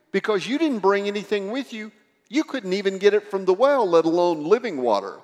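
A man preaching a sermon, explaining a scripture passage in an animated storytelling manner. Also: sits high. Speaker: pastor. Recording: echoey hall with long reverb.

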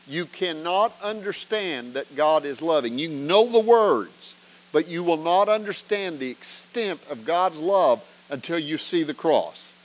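Earnest pastor guy teaching bible study, voice a bit on the high side, lots of rhetorical questions. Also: poor audio.

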